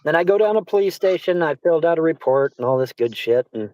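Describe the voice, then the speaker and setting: A man's voice: fairly high pitch, animated, quick pace, a little mellow, dry recording, dull audio. A man hosting a casual chat, rambling and repeating himself, swearing often. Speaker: livestream host. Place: Arizona.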